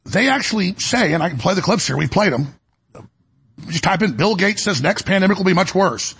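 A man hosts a talk show in an urgent, fiery monologue. His voice sits high and sounds heavily gravelly and raspy. He keeps climbing toward a yell. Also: expressive, a little fast. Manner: urgent, rising to near-yelling. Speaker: show host.

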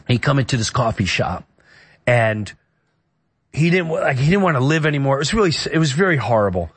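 A man's voice: medium pitch, sing-song, a little fast, slightly rough. A middle-aged man from the New York area telling a personal story in a conversation, earnest and emotional, often stopping and restarting his sentences. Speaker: guest.

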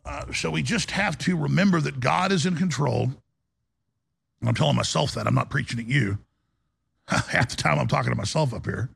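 A male talk radio host with a gravelly, raspy voice, rambling in an impassioned studio monologue with restarts and rising outbursts. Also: medium pitch, moderate pace, fairly bright tone, no echo. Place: broadcast studio.

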